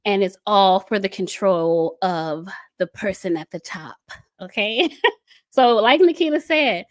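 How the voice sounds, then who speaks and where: A woman giving an animated talk, explaining with a diagram, repeating phrases for emphasis and now and then dropping into mock voices. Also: mid-range voice, a little slow. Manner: emphatic, breaks into laughs, repeats phrases for stress; casual, mock voices when quoting. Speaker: speaker on a panel about a church group.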